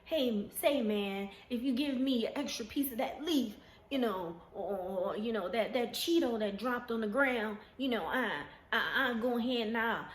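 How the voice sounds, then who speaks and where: Brief: woman playing a pushy, haggling ant with a vague put-on accent, a bit higher than her own voice, roomy echo. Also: normal speed, natural voice. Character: chatty bargaining ant, street-wise.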